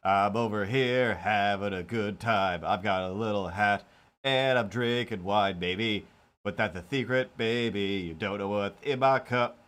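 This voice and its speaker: A man's voice: on the low side, unhurried, fairly bright tone. A boastful, cheeky imaginary cat in a tiny hat, sipping wine and rhyming in a sing-song lilt, put on by a man. It shows off in a playful, self-mocking tone over a live stream.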